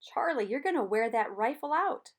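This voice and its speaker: A scoffing soldier in camp, as a woman puts him on in a storybook reading. He brushes things off in a loud, dismissive, easygoing tone. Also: on the high side, expressive, moderate pace, pitched above the performer's own voice.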